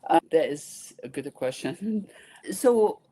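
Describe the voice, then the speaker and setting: Iraqi-accented woman in her sixties, sincere interview guest, talks in halting bursts with restarts. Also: low voice, animated, mellow, husky. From Iraq. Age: 60s. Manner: halting, earnest, restarts often. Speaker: guest, nonprofit founder. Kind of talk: interview conversation.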